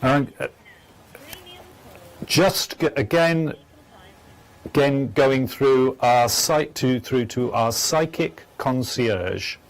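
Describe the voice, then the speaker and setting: A man hosting a live phone-in show as a psychic medium, speaking gently and haltingly, with many stammers and restarts. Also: medium pitch.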